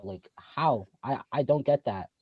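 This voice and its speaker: A teenage boy co-hosting a casual podcast, excitable and laughing often. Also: mid-range voice, unhurried, a crowd in the background. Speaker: podcast co-host. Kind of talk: casual chat. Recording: dull lo-fi sound.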